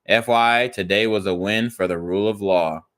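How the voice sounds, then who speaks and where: A man's voice: lowish voice, moderate pace, fairly bright tone. A young man hosting political reaction commentary, angrily reading viewer comments and a news article aloud with frequent profanity. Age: young adult. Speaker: commentary channel host.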